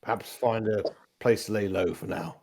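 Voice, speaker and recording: A man's voice: fairly low pitch, moderate pace, background noise. A man narrating a tabletop game as game master, hesitant with many fillers.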